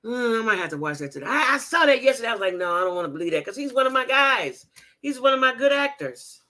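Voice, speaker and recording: A woman hosting a casual livestream chat, talking to her viewers in a blunt, animated and profane way, with repeated exclamations. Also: on the high side, fast talker. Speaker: livestream host reading viewer comments.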